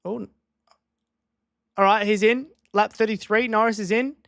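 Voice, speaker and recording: A man's voice: sits high, steady tone, a little slow, gravelly, fairly bright tone, clear, resonant tone, no room sound, clean studio sound. A man streaming a live race watchalong from a home desk microphone, chatting casually and repeating himself as he reacts to each moment.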